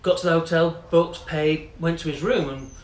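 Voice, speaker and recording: A man's voice: fairly high pitch, fairly even intonation, moderate pace. A man telling a long story in a chatty, casual way, full of "you know" fillers and quoted voices. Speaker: company CEO telling a story. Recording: echoey room with faint noise.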